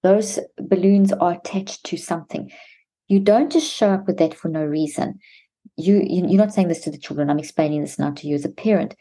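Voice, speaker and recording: Low husky woman explaining to parents. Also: a little fast, dark tone. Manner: many restarts and repeated words, explanatory. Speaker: guest expert on mental health.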